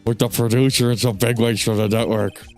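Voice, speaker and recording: A man voicing a shy, soft-spoken male actor in a put-on British accent, mumbling quietly while reading game dialogue aloud. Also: medium pitch, steady tone, a little fast, faint music behind, close to an everyday voice. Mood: subdued.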